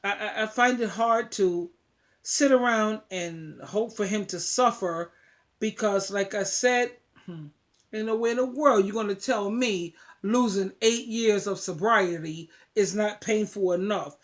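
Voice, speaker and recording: A woman's voice: medium pitch, a little slow. Emphatic New woman vlogger. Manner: emphatic, repeats words, preachy. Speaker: advice vlogger. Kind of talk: casual talk to camera.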